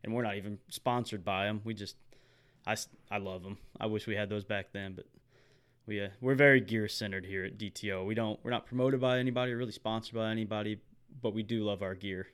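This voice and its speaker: A man's voice: fairly low pitch, steady tone, fast, fairly bright tone, clear, resonant tone. A man from Texas, co-hosting a casual podcast in a chatty, self-deprecating way. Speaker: podcast co-host.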